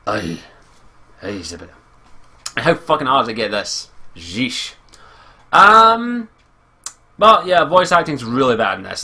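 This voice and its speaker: A man's voice: on the high side, pushed and bright. A Scottish man ranting casually through an anime review, swearing often and sounding exasperated. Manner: profane, exasperated, rambling.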